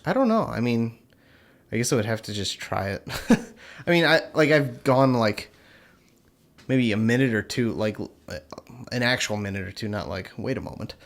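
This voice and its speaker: A young man co-hosting a podcast in casual chat, relaxed, swearing casually and laughing. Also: medium pitch, normal speed. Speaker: podcast co-host.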